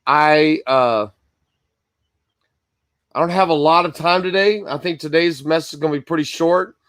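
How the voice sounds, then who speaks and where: A man's voice: on the high side, normal speed, a bit bright, no room sound, studio quality. A man hosting a live-streamed Bible study from Michigan, chatting casually and greeting viewers by name between rambling asides.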